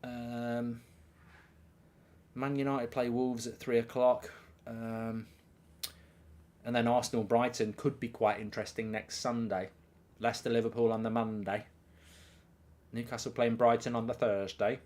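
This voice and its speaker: A middle-aged man hosts a live football watchalong, chatting casually, reading viewer comments aloud, and erupting in loud bursts of excitement. His voice is medium-pitched and a little slow, with frequent pauses.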